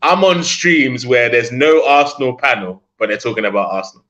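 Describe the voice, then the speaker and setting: A man co-hosting a casual football chat, slangy and animated, often talking over others. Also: medium pitch, normal speed, rough recording. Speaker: podcast co-host.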